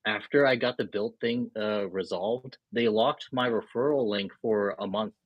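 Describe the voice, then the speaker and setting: A man's voice: on the low side, a little slow, husky, no echo. A young man in his twenties telling stories casually as an interview guest over a video call, laid-back, often quoting himself. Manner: laid-back, frequent uh fillers, quotes himself. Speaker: guest, credit card YouTuber. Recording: dull lo-fi video call audio.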